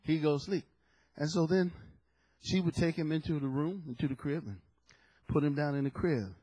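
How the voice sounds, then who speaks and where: A middle-aged male pastor preaching a sermon through a story, swinging from hushed telling to loud shouted points and acting out the people in it. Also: a little high, moderate pace. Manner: acts out the people in his story with voices.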